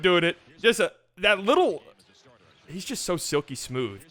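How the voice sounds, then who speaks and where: A man hosting a basketball channel, breaking down game highlights with playful, joking asides. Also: sing-song, measured pace, pushed and bright, no echo. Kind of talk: game film breakdown commentary.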